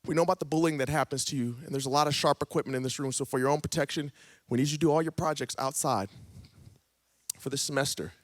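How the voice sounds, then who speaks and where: Stern shop teacher, put on by a man, businesslike, lower voice, dry. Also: steady tone, quick pace, dry recording, lightly acted. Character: stern male shop teacher, matter-of-fact.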